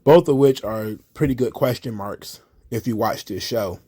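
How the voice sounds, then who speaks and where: A man talks through wrestling news in a loose, opinionated monologue, cursing freely and hedging with ums and you-knows. His voice sits at an ordinary middle pitch. The sound is dry and close, with no room echo. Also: normal speed, mellow, slightly rough. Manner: blunt, profane, rambling with fillers. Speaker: wrestling commentary host. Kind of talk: casual opinionated commentary.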